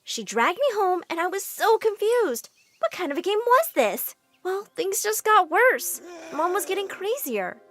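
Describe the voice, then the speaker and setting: A woman narrating a first-person animated story in a brisk, expressive way. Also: extremely high pitch.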